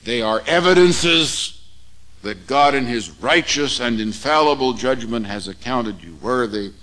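A man preaching an expository sermon, measured and emphatic, with deliberate pauses on key words. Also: mid-range voice, sharp tone, rough recording.

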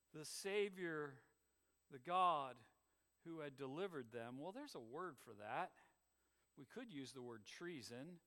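Bright, high-voiced man preaching in a hall. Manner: emphatic, rising and falling preaching cadence. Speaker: pastor. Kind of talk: sermon.

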